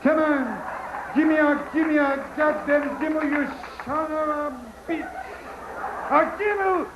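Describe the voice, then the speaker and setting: A man putting on the voice of an old man gambling at dice, pleading and cursing at the throw in a high, strained voice. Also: measured pace, dull audio. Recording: live stage show with audience noise.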